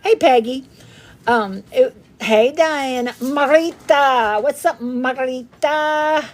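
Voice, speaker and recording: A woman's voice: sits high, takes it slowly. A woman hosting a craft livestream in casual, rambling chat, greeting viewers by name and laughing often.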